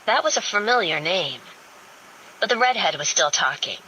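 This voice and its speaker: Woman narrating a romance audiobook, bright. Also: medium pitch, lively intonation, moderate pace, a little hiss or hum, poor audio.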